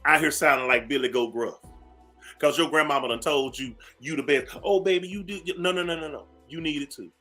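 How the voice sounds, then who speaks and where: Soft background music accompanies a man with a mid-range, sharp-toned voice who talks a little fast as he hosts a morning radio show. It's a sassy, preachy rant aimed at listeners, whom he calls "baby," with phrases repeated for emphasis.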